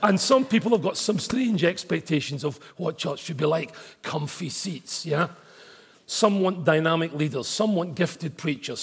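A man preaching a sermon as pastor, emphatic and building to forceful repeated declarations. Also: fairly high pitch, slightly rough, long reverb tail. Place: church auditorium.

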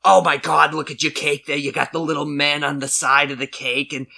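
A man putting on the voice of a gruff, burly, middle-aged male cake baker, loud and effusive. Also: on the high side, level tone, a little fast.

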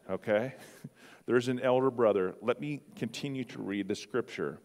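A man's voice: medium pitch, normal speed, darkish tone. A male pastor preaching a sermon in a conversational way, asking the congregation questions and adding asides. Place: church sanctuary. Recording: long reverb of a church hall.

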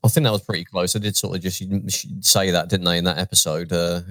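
Low-voiced guy cohosting a podcast, wry jokes, dry close sound. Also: fairly even intonation, fast, no echo. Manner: wry, jokey, trails off softly. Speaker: podcast co-host. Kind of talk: casual podcast chat.

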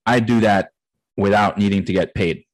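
This fairly low-pitched man speaks at a normal pace on a dry, rough recording. In his late thirties and co-hosting a podcast, he tells a casual, profane story, acting out the dialogue with lots of laughter along the way.

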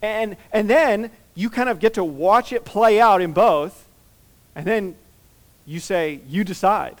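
A man's voice: high-pitched, takes it slowly. A man preaching in a conversational sermon style, reading scripture and teaching with many fillers and restarts.

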